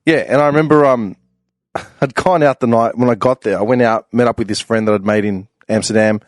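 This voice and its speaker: Animated Australian man telling a story. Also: medium pitch, brisk, no room sound, studio quality. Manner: animated, acts out quoted voices loudly, laughs often. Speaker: podcast panelist. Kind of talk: casual storytelling chat.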